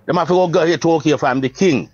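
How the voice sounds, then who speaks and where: A Jamaican Rastafari priest speaking in an emphatic, preacherly way, often checking whether the listener follows. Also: male voice, fairly high pitch, fast, no echo, highs cut off, soft background music. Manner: emphatic, preacherly, often asks "you see what I say?". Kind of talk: religious reasoning, casual talk.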